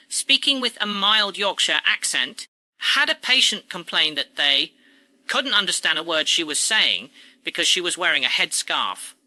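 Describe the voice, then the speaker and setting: A man's voice: high voice, pushed and bright, no room sound, low-quality recording. A man delivering scripted satirical commentary as a channel host, in a sarcastic, indignant ranting manner.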